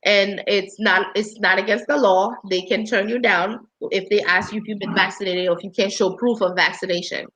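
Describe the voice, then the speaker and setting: A woman's voice: medium pitch, steady tone, moderate pace, hardly any pauses, a bit bright, rough recording. A woman who works in healthcare, talking casually on a panel, slightly congested, with frequent restarts. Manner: conversational, with frequent restarts and fillers.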